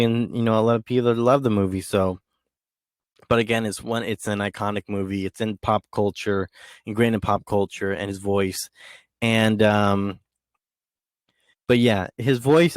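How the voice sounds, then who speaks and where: A man's voice: fairly low pitch, no echo, clean studio sound. A man hosting a podcast alone, talking casually in a rambling way with many fillers and restarts. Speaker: podcast host. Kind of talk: casual solo monologue.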